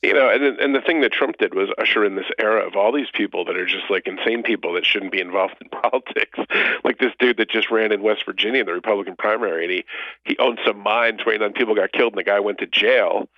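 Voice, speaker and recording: A man with a lowish voice chats as a guest on a podcast, animated and sarcastic, laughing through his points. The sound is dry and muffled, like a lo-fi call line. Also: quick pace, no room sound. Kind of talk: casual chat.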